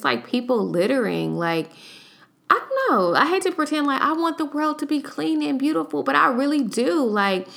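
A woman's voice: medium pitch, vocal fry, a bit bright. A young adult woman vlogging in a casual, chatty way, retelling stories with slangy asides. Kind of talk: casual storytime vlog.

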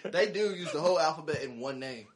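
A man on a casual podcast with a high voice that swings widely in pitch. He cuts in with short, blunt jabs and teasing remarks. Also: animated, fast, crowd noise. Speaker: podcast co-host. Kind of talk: casual chat.

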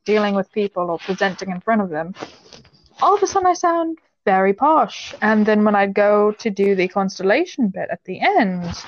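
A woman's voice: medium pitch, lo-fi sound, slight background noise. A woman co-hosting a casual podcast chat, rambling and restarting her sentences and laughing often. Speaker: podcast co-host.

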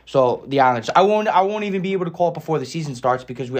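A young man co-hosting a podcast, arguing fast and swearing often, talking over his partner. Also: a little high, animated. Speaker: podcast co-host. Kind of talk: heated casual sports debate.

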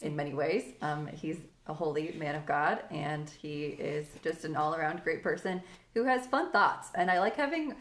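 A woman's voice: low-pitched, moderate pace. A young woman co-hosting a casual podcast from home, a chatty storyteller who laughs often. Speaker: podcast co-host.

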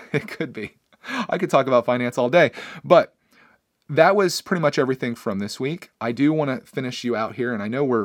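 A man's voice: mid-range voice, no room sound, studio quality. A man in his thirties hosting a casual solo podcast, talking earnestly and rambling with many restarts. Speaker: podcast host and YouTuber.

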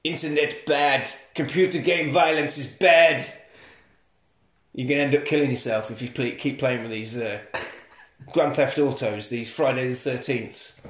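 A man's voice: medium pitch, steady tone, a little slow. A man recapping a film plot as a podcast host, jokey and sweary. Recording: echoey room.

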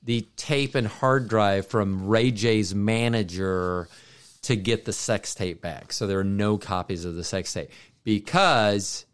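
A man's voice: on the low side, takes it slowly, clean tone. A man co-hosting a podcast in casual chat, telling stories in a rambling way with many asides and restarts. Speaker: podcast co-host.

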